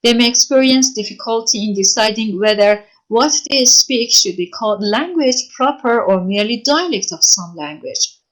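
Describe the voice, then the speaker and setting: Her voice is fairly high as this female university lecturer answers typed student questions in an online class. She halts often, pausing and correcting herself as she goes.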